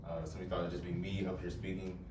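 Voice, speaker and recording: Deep-voiced young man talking to a live crowd. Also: flat delivery, fast talker, background noise. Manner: casual, joking, addresses the crowd. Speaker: poet and presenter. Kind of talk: live talk to an audience. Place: room with a live audience. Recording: echoey room, voice heard from far off.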